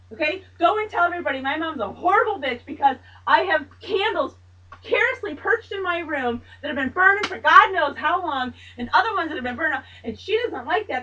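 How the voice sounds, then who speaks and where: High bright scolding mother, distant mic. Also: dull audio. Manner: scolding, swearing, lecturing. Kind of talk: heated family argument.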